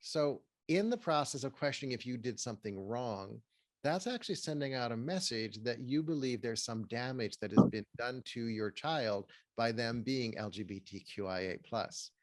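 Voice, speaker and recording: A man, a therapist and author, giving earnest, measured advice as an interview guest. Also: medium pitch, animated, dry recording. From Pasadena, California.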